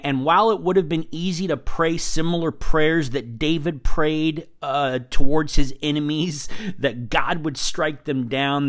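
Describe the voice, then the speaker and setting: A man's voice: mid-range voice, a bit bright. A man hosting a Christian podcast, giving an earnest devotional sermon, often restarting his words and building to emphatic rhetorical questions. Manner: frequent fillers and restarts, heartfelt.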